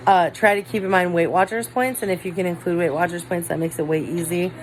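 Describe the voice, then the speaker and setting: A woman's voice: fairly low pitch, fairly even intonation, a little fast, a little hiss or hum, rough recording. A woman vlogging at home into her camera, a mother chatting casually and rambling with lots of "like" fillers. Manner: rambling, heavy use of "like" fillers.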